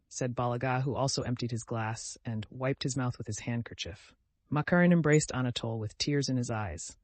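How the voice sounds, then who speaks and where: A man narrating an audiobook in a measured storytelling voice. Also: mid-range voice, expressive, no room sound. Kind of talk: scripted narration.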